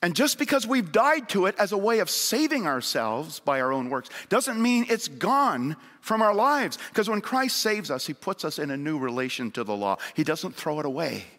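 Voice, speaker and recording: Lively, earnest male preacher. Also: fairly high pitch, normal speed, few pauses. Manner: earnest preaching, swinging between raised emphasis and hushed appeals. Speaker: pastor. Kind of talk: sermon. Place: church sanctuary. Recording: long church hall reverb.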